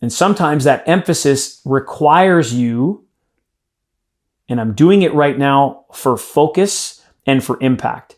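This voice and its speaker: A man's voice: mid-range voice, lively intonation, slow. A man running a live sales training, coaching a group emphatically and addressing them directly.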